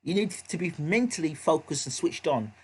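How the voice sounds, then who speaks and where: A man's voice: on the high side, lively intonation, normal speed, darkish tone, breathy edge. A man hosting a live boxing reaction stream, emphatic and repetitive, often checking in with his audience. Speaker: vlog host.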